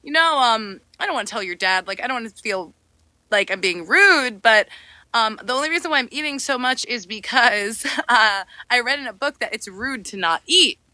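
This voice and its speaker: An American woman chats as a podcast guest, bouncing through anecdotes and jumping into high, theatrical voices for the people she quotes. Her voice is bright and sharp, recorded close and dry. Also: normal speed, no echo. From United States. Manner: animated storyteller, acts out quotes in high voices. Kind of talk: casual chat.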